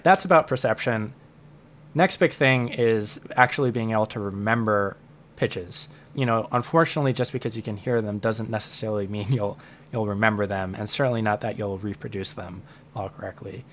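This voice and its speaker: A man's voice: lowish voice, slight background noise. A man teaching in a casual, explanatory way, thinking aloud and repeating words as he restarts his sentences. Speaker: language learning teacher.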